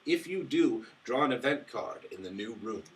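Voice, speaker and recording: A man playing a board game with friends, briskly reading out card text with some drama. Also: medium pitch, lively intonation. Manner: quick, reads flavor text dramatically. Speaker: player and rules reader. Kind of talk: casual board game play, reading cards aloud. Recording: distant mic, faint noise.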